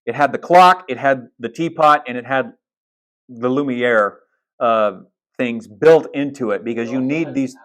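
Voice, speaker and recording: A man's voice: mid-range voice, measured pace, fairly bright tone. A male pastor preaching a sermon in a casual, storytelling way, retelling film scenes with blunt asides and restarts.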